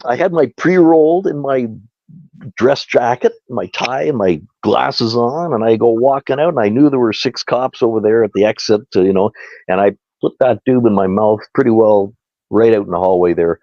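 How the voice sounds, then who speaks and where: A man telling a story as a radio guest, in a casual, animated way and with frequent laughs. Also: medium pitch, moderate pace, dry recording. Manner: animated, chatty, laughs often. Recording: dull lo-fi dry sound.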